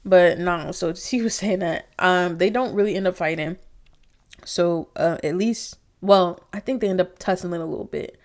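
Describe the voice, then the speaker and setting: A young adult woman casually reviewing a reality TV episode, animated and profane, often acting out quotes in exaggerated voices, recorded on a computer mic. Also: on the low side, normal speed.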